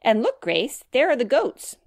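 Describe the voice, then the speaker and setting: A woman voicing a gentle, flustered middle-aged nun for a children's storybook, speaking softly and fretfully. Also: a little high, huge pitch swings, measured pace, gravelly, no echo, studio quality, pitched above the performer's own voice, exaggerated voice. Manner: soft, mild, a little fretful.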